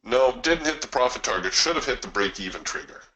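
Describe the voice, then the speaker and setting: A man's voice: mid-range voice, lively intonation, brisk, pushed and bright, rough recording. A man hosting a live trading webinar, explaining his approach in a conversational way and telling stories to his listeners. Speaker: trading coach and webinar host.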